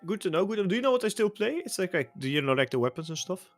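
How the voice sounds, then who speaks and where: A man casting a competitive video game match, with play-by-play commentary that gets loud and energetic during the action. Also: high voice, racing, faint music behind. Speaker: esports caster.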